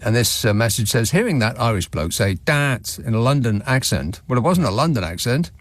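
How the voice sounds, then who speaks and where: A man's voice: mid-range voice, lively intonation, a little fast, dry recording. A man hosting a radio show, reading out listener messages with dry, sardonic asides from a studio microphone. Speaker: radio talk show host.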